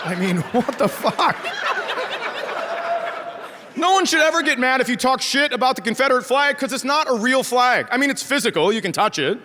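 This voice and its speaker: A middle-aged stand-up comedian from northern Minnesota with a high, reedy voice, spinning stories and jumping into the voices of the people in them. He's live on stage in a big theater, his voice ringing through the hall over a laughing audience. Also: normal speed, background noise. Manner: animated storyteller, acts out voices, shouts punchlines.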